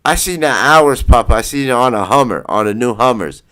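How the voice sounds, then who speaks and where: A man's voice: mid-range voice, lively intonation, moderate pace, bright, forceful tone, clear, resonant tone. A man hosting a live stream, ranting heatedly and profanely in a rambling way. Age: adult parent. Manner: rambling with restarts. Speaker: livestream host.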